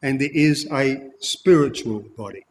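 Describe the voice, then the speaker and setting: A man preaching an expository sermon, emphatic, repeating key phrases and addressing his listeners as ladies and gentlemen. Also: mid-range voice, unhurried. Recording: long hall reverb.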